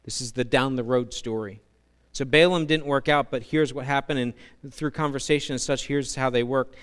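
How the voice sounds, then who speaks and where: Brief: male pastor, animated storytelling sermon, smooth resonant voice. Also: medium pitch, moderate pace. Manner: animated storytelling with humorous asides.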